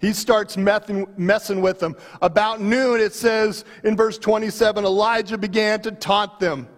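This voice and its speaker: A male pastor preaching a sermon with animated storytelling, dramatic pauses and big swings in volume. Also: sits high. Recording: long hall reverb.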